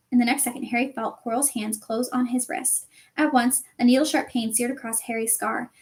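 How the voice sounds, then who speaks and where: Female narrator for a novel reading, expressive and dramatic, voice slightly high. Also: a little fast. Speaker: audiobook reader.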